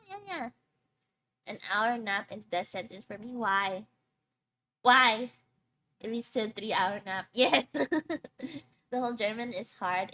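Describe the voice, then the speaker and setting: A woman's voice: a little high, a bit bright. A young woman, a streamer chatting casually and rambling between giggles. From Philippines. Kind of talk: casual live-stream chat.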